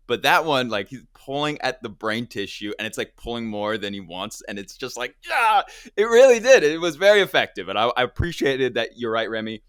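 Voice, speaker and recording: A man's voice: mid-range voice, fairly bright tone, clear, resonant tone, dry recording, clean studio sound. A man hosting a casual movie review chat, rambling and correcting himself with lots of fillers.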